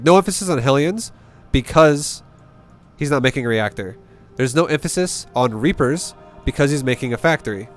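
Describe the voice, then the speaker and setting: Speaking in a mid-range voice, a man coaches a StarCraft player through a replay with frank, casual commentary. He swears without restraint and drives each point home by saying it again.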